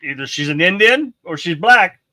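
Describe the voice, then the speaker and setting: A man's voice: high-pitched, expressive, normal speed, bright, forceful tone, no echo. A middle-aged man hosting a live stream, giving blunt, profane political commentary and reading viewer comments aloud.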